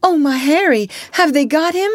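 A frantic young runaway mother pleads in a high, breathless voice, as a woman storyteller puts her on. Her voice leaps up and down in pitch, and the sound is close and dry. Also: animated, measured pace, darkish tone, no room sound.

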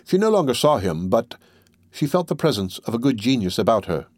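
Male narrator, even storytelling read, mid pitch, dry close recording. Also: dry recording. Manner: measured, steady storytelling. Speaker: audiobook narrator. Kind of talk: scripted narration.

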